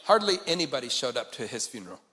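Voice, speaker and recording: A man giving a motivational conference keynote, telling a personal story in an earnest way that swings from quiet to emphatic. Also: mid-range voice, very animated, fast. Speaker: conference speaker. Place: large conference hall. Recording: long hall reverb.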